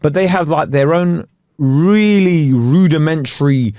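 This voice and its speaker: A man co-hosting a podcast in casual chat, animated and laughing often, close to the mic in a dry room. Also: fairly high pitch, a little slow, dry recording. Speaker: podcast co-host.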